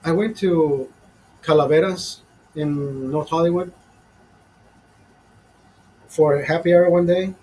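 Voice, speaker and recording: A fifty-year-old man rants through a rambling story, cursing freely and sounding fed up. His voice sits a bit high for a man. A faint hiss of background noise sits under the recording. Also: slow, pauses often, a little mellow, poor audio. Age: 50s. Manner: profane, exasperated, rambling. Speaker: show host. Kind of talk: casual storytelling rant. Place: small studio.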